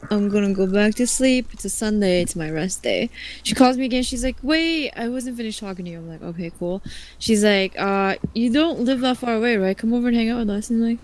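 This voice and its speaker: A woman streamer tells a story in casual chat, pitched in the middle range. She is animated and swears freely. She acts out other people's lines as quotes. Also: fast.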